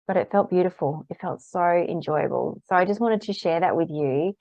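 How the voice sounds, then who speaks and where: A woman's voice: lowish voice, moderate pace, gravelly, warm tone, dry recording. A woman practitioner giving a casual, candid talk about tapping, acting out the phrases she repeats aloud while tapping.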